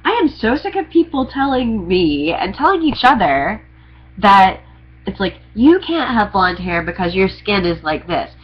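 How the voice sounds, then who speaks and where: Husky young trans vlogger, sarcastic. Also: male voice, sits high, big pitch swings, measured pace, muffled recording. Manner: rambling, confessional, sarcastic humor. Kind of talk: candid personal vlog monologue.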